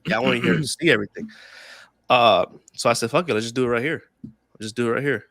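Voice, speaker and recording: Young dude w a bright voice, swears a lot, laughs, repeats stuff, dry close mic. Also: male voice, mid-range voice, quick pace, no room sound. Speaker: podcast co-host. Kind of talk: casual storytelling chat.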